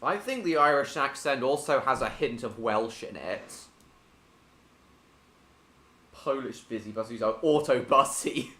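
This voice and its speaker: A man's voice: mid-range voice, unhurried, pauses often, pushed and bright, echoey room. A man chatting casually on a live stream while gaming, answering viewers by name with many hesitant ums.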